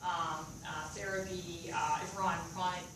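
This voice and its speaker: A woman's voice: on the low side, level tone, moderate pace. A woman college instructor giving a microbiology lecture, talking to her students with many fillers and restarts. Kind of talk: classroom lecture. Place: lecture hall. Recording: very echoey lecture hall recording from far off with room noise.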